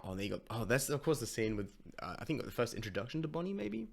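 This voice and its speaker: A man's voice: mid-range voice, big pitch swings, quick pace, gravelly, hardly any pauses. A man hosting a manga reaction, reading the dialogue aloud in his plain voice and cutting in with gasps and swearing. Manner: reads character lines in his plain voice.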